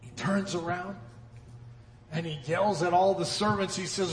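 A man with a high voice preaches a sermon. He mixes folksy jokes with dramatic drops to near-whispers. His words ring out with the long echo of a large church hall. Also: normal speed. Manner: folksy humor. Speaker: pastor.

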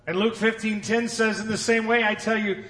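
A man preaching a sermon with folksy humor, swinging from loud emphasis to hushed, dropped phrases. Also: high-pitched, flat delivery, normal speed. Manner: dramatic swings from loud emphasis to near-whispered drops. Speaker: pastor. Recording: echoey church hall.

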